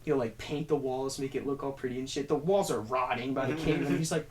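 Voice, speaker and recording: A young man chatting as a podcast guest, telling stories in an animated, profane way. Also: medium pitch, brisk, hardly any pauses, background noise. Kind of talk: casual chat.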